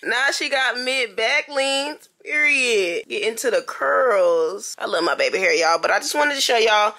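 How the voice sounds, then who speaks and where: Young mom from florida, high bright voice, echoey room w faint music, chatty and blunt. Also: female voice, a little slow. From Florida, USA. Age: early 20s. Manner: relaxed and candid, slangy, jumps between baby talk and venting. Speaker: vlogger and mom. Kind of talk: casual chat. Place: home indoors.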